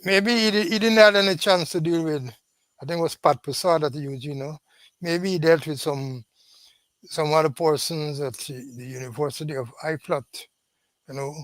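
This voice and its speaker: A man co-hosting a political commentary chat, measured and hesitant, filling with "you know". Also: fairly high pitch, a bit bright, no room sound, poor audio.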